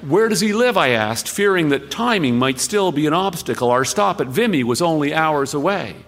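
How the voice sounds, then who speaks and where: A man reading a listener's story aloud on the radio, measured and expressive, with deliberate pauses. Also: a little high, in a large hall.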